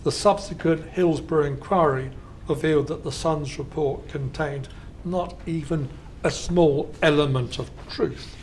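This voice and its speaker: A man reads his keynote lecture from a script, his voice sitting a little high for a man. He slows down and leans on the quotes, then drops into dry asides. Faint noise hums under the lecture hall. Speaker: keynote speaker. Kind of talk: academic lecture read from a script.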